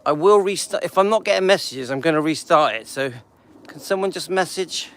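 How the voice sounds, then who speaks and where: A man's voice: on the high side, fairly quick, fairly bright tone, a little hiss or hum. An older man hosting a casual live stream while walking outdoors through a seaside town, chatting and greeting viewers by name.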